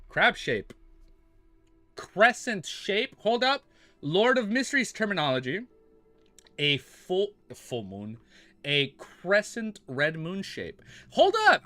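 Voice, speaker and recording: An American man with a high-sitting, bright, forceful voice chats casually with his live-stream viewers. He jokes, laughs often, and uses mock-French phrases.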